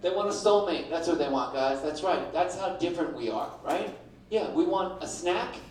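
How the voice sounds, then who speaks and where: A man's voice: fairly high pitch, moderate pace, distant mic, a little hiss or hum. A middle-aged man doing a stand-up comedy set, punchy and brash, slipping into mimicked voices. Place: comedy club stage with an audience. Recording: echoey room, picked up from afar.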